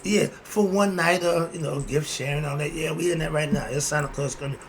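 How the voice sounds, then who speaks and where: A man's voice: on the high side, steady tone, a little fast, slight background noise. A man in his sixties hosting his own video, ranting bluntly and answering his own rhetorical questions. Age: 60s. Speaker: video host. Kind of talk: ranting monologue.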